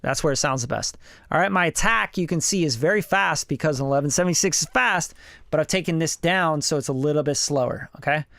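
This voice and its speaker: Guy in his home studio talking gear, smooth clear voice, super dry close mic, casual and loose. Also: on the high side, fairly quick, a bit bright, no room sound. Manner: loose, conversational, repeats mic checks, occasional swearing. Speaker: studio engineer and host. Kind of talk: casual hands-on studio demo. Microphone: studio vocal mic through preamp and compressor.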